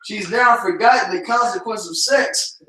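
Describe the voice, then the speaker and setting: A man's voice: sits high, lively intonation, moderate pace, fairly bright tone. A man preaching scripture, tagging his lines with "man" in a casual style. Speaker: street preacher. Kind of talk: street preaching. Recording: echoey and distant from the mic.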